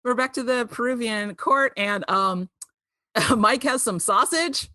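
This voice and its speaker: A woman's voice: a little high, pushed and bright, dry recording, studio quality. A woman co-hosting a podcast, chatting casually and giggling as she recaps a TV episode. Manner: giggly, acts out characters' lines in quick bursts. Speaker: podcast co-host.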